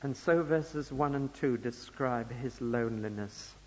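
A man preaching a sermon emphatically, swinging between loud stressed lines and slow, hushed phrases. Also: medium pitch. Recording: dull lo-fi recording in a reverberant hall.

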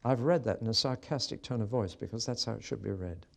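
A man's voice: on the low side, quick pace, vocal fry. A man preaching a sermon, reading scripture aloud with strong feeling.

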